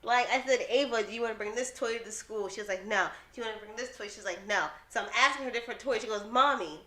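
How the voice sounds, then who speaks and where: A woman's voice: a little high, very fast, a bit bright, echoey room. A woman co-hosting a casual chat, telling family stories with lots of laughter and acted-out voices. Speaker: co-host.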